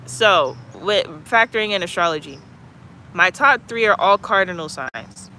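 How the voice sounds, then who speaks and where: A man's voice: high voice, animated, unhurried, bright, forceful tone, a little hiss or hum. A man hosting his own channel, talking in a loose, musing way with lots of "like" fillers. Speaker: channel host. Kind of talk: casual reflective chat.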